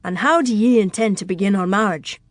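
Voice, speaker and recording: A woman's voice: no room sound, clean studio sound, natural voice. A woman voicing a proud Scottish nobleman with a thick burr. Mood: stern. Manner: low and measured, softly insistent. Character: proud, intense Scottish nobleman, adult man. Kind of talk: audiobook character voice.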